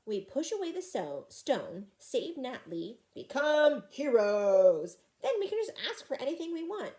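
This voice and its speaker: Woman doing a bossy shouting boy. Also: high-pitched, sing-song, measured pace, pitched above the performer's own voice. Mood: eager. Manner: shouting, eager. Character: bossy excitable boy leading a rescue.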